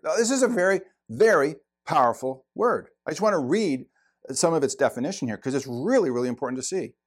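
A man's voice: fairly high pitch, a little mellow. A middle-aged man preaching a sermon, earnest and emphatic, repeating words for stress. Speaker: pastor.

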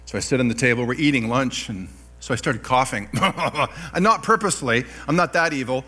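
Animated bright-voiced male pastor preaching. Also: medium pitch, a little fast, faint music behind. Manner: animated storytelling with self-deprecating laughs. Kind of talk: sermon.

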